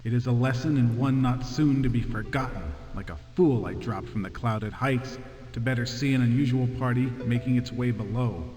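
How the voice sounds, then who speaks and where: A man's voice: mid-range voice, normal speed, a little mellow, faint music behind, natural voice. An actor playing a proud, formal bird-man warrior who wants vengeance, heard in game audio with roomy reverb. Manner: formal, honor-bound, vengeful.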